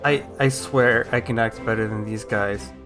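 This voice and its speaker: Sarcastic young guy ranting about games, loud music playing under him. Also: mid-range voice, moderate pace. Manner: sarcastic, excitable outbursts. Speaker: gaming YouTuber. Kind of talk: comedic recap commentary.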